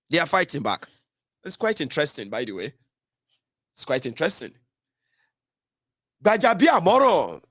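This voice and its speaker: A man's voice: fairly high pitch, a bit bright, dry recording, clean studio sound. A middle-aged Nigerian man with a Nigerian accent giving solo political commentary, fiery and mocking, mixing pidgin into his English.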